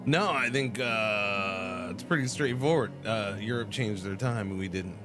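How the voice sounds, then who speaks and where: Low-voiced rambling male streamer. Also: unhurried, music in the background. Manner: rambling, repeats and stammers words; talks back to chat messages. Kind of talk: casual live game-stream chat.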